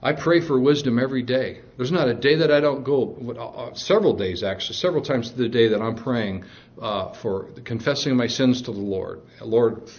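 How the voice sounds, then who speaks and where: A man's voice: mid-range voice, fairly quick, lo-fi sound. A man preaching a sermon in an earnest, emphatic way, with fillers and restarts.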